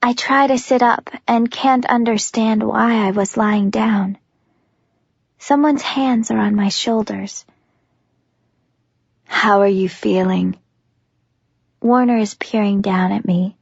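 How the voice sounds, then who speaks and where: A woman's voice: a little high, measured pace, vocal fry, slightly rough, dry recording, highs cut off. A woman giving an intense, dramatic first-person audiobook narration.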